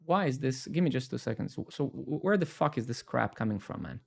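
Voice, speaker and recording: Brief: male live-coding streamer, casual and profane, sarcastic running commentary at a mid-range pitch. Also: lively intonation, a little fast, gravelly. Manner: rambling, sarcastic, profane, self-mocking.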